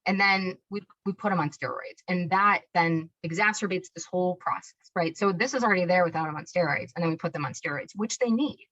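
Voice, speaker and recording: A woman's voice: lowish voice, brisk, hardly any pauses, a bit bright. A woman giving an informal presentation about child behavior, talking conversationally and often checking in with "right?" and "you know". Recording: dull lo-fi recording.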